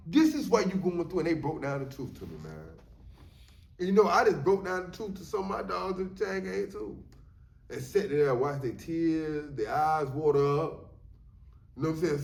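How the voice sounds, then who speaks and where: Sharing his prison experience, a man with a voice that sits high rambles through a casual storytelling monologue, frequently dropping "you know what I'm saying." The echoey room recording catches him from a distance, slightly off-mic.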